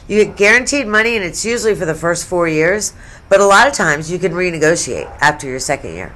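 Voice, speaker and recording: Middle-aged woman, lower-pitched, casual and profane vlogger, chatty sports talk with side asides. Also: lively intonation, a little fast, fairly bright tone, slight background noise. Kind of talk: casual storytelling vlog.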